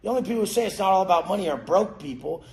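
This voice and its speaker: A man giving a profane, aggressive motivational rant, cursing and yelling at his listeners. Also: high voice, lively intonation, very fast. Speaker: motivational speaker. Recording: roomy echo.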